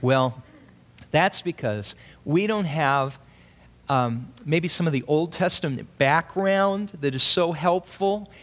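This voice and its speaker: A man teaching a Bible passage in a sermon, animated and asking listeners to read along with him. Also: a little high, slow pace.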